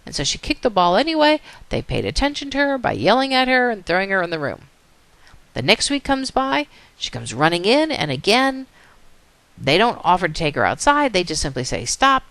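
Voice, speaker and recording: Woman teacher, psychology lecture, storytelling, very lively pitch, dry close sound. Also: no echo. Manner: storytelling, animated, asks rhetorical questions.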